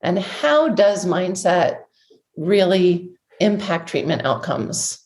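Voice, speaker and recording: A woman's voice: lowish voice, expressive, takes it slowly, darkish tone. A woman hosting a health coaching podcast, affirming her guest and leading into questions. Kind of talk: podcast interview.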